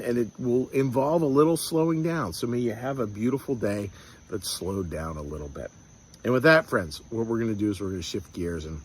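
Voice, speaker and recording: A man leading a short devotional talk and guided meditation as a pastor, reflective and unhurried, often restarting his sentences, softening into slow prayer. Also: mid-range voice. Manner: soft, slow prayer and blessing.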